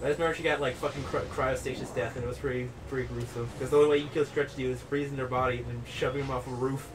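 A young man hosting a gaming video, chatting casually in an excitable, rambling way with plenty of swearing. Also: mid-range voice, very fast. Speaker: gaming channel host. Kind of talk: casual chat over gameplay. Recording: distant mic with clear background noise.

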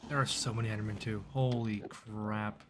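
A man's voice: lowish voice, fairly even intonation, normal speed, a little hiss or hum. A man giving live gameplay commentary, chatting to the creatures on screen and breaking into startled outbursts. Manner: chatty, talks to game mobs, frequent startled outbursts. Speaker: gaming YouTuber.

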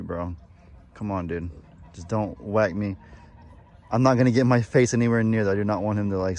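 A man's voice: fairly low pitch, darkish tone. A man vlogging outdoors on a farm in a casual, chatty way, cooing fondly at the animals in a baby voice. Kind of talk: casual chat to camera.

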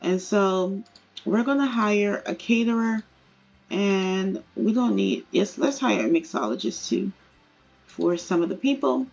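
A woman giving chatty, excitable commentary as she plays a life-simulation game. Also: medium pitch, unhurried, vocal fry, highs cut off. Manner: chatty, excitable, laughing asides. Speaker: gaming creator. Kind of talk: casual gameplay commentary.

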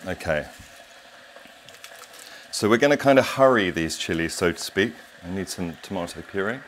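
A man's voice: low-pitched, animated, moderate pace, a bit bright, slight background noise. A middle-aged man, hosting a casual cooking demonstration in his home kitchen, chatty, digressive and enthusiastic. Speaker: cooking show host.

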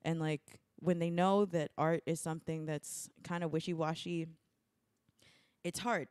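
A woman's voice: low voice, fairly even intonation, measured pace, a little mellow, clean tone, dry recording, clean studio sound. A young American woman, a musician guest, chatting casually and acting out her parents' voices as she tells stories. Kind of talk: casual interview chat.

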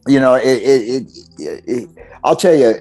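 A man's voice: medium pitch, animated, unhurried, a little mellow, soft background music. An older man, a guest voice actor in a casual interview, talking reflectively with chuckles and many restarts.

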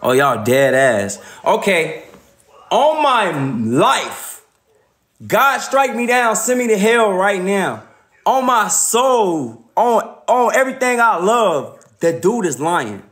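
A man's voice: high voice, very animated, slow pace, a bit bright. A man ranting casually on a livestream, profane and laughing often.

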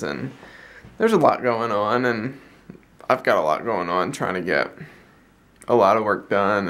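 Telling a casual story on his vlog, a young man from the United States rambles chattily and keeps correcting himself. He speaks in a lowish voice with a fairly bright tone.

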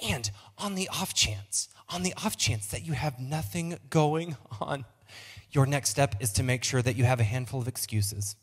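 A man voicing a chirpy flight attendant who pitches a lazy church in a sarcastic sales announcement. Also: normal speed, husky, big-room sound, lightly acted.

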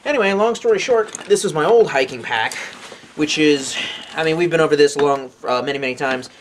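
A man's voice: on the high side, fairly quick, background noise. A man in his late twenties casually reviewing outdoor gear, rambling with jokes and offhand swearing. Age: late 20s.

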